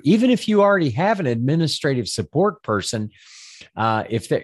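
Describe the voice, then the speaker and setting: An older man coaching financial advisors, talking at length in a loose, rambling way. He stumbles and repeats words, and now and then acts out a listener's objections before answering them. His voice sits in a middle pitch and sounds dry and close to the mic. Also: dry recording. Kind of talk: instructional talk.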